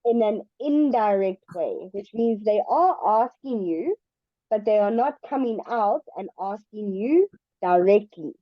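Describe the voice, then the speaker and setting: A woman's voice: medium pitch, lively intonation, a little slow, no room sound, muffled recording. A woman tutoring English one-on-one over a video call, explaining patiently with examples. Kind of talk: one-on-one online English lesson.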